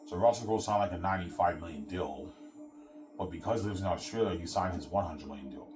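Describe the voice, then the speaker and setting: A man's voice: low voice, fast talker, music in the background. A man talking casually in a rambling solo vlog monologue, swearing and repeating himself. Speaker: vlogger.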